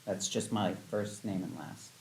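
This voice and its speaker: A man's voice: sits low, steady tone, a little slow, vocal fry. A man guesting on a casual podcast, matter-of-fact. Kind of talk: casual group chat. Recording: echoey room, faint hiss.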